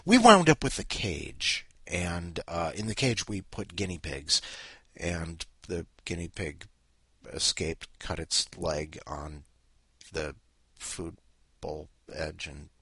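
Husky rambling male podcast host. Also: very deep voice, slow pace, bright, forceful tone, dry recording. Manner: meandering, self-interrupting, wry asides. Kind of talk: rambling casual chat.

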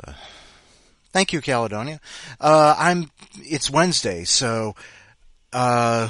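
Rambling, animated male podcast host. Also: fairly low pitch, dry recording. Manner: rambling, self-deprecating, jokey. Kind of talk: casual rambling chat.

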